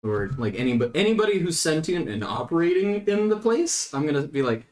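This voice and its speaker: A man's voice: fairly high pitch, big pitch swings, fairly quick. A man playing a tabletop game, talking casually in a hesitant, rambling way with many restarts. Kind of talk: casual in-character play chat.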